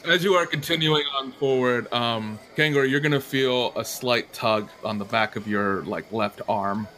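A man's voice: medium pitch, normal speed, a bit bright, slight background noise. Man narrating as game master. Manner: hesitant, filler-heavy narration.

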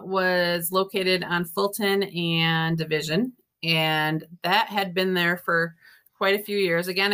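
Chatty woman telling ghost stories, bright voice. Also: lowish voice. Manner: chatty, laughs often, quotes people in animated voices. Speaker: guest, ghost tour guide and co-author. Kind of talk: casual storytelling interview.

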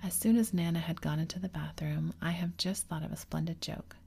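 A woman's voice: sits low, fairly even intonation, brisk, vocal fry, warm tone, husky, exaggerated voice. A woman voicing a proud, blustering middle-aged father in a whispered role-play.

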